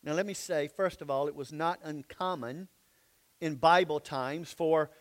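With a high speaking voice and a measured pace, a male pastor preaches a sermon as dramatic storytelling. He moves from bold emphasis down to hushed lines that are nearly whispered.

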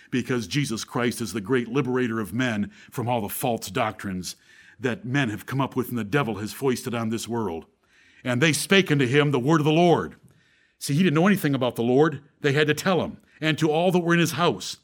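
At a moderate pace, a man preaches to his congregation, asking rhetorical questions and citing scripture. He climbs into fervent build-ups and then drops to a low, subdued tone.

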